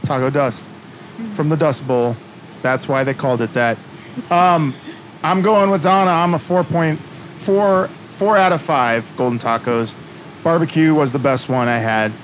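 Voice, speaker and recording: An easygoing host who jokes with the guests and steers the show into its next segment. The voice sits at a middle pitch. A faint ambience runs underneath. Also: a little slow, slight background noise, rough recording. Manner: easygoing, joking, introduces segments. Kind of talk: casual chat.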